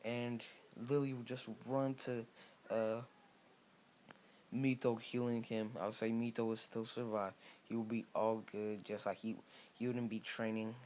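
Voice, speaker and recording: A man's voice: medium pitch, flat delivery, measured pace, a little mellow, a little hiss or hum. A man casually improvising a fan-fiction story aloud, rambling with many restarts and fillers.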